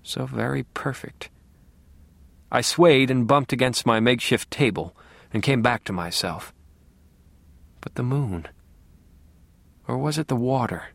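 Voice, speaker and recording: Calm wry male audiobook narrator. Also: measured pace, creaky, long pauses, dry recording. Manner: calm, wry and low-key, dropping to a near whisper.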